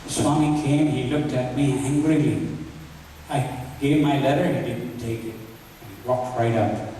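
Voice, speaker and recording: A man's voice: mid-range voice, fairly even intonation, a little slow, mellow. A man giving a devotional talk, earnestly telling personal stories and acting out remembered dialogue, recorded from far off in a large hall. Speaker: devotional speaker. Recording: echoey hall from far off, faint hiss.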